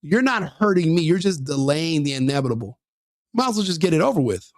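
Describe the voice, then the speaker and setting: A man's voice: a little high, big pitch swings, brisk, dry recording. A man commenting on a video in a brash, mocking, combative way, laughing at his own jokes. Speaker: online commentator reacting to a video. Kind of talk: profane reaction commentary.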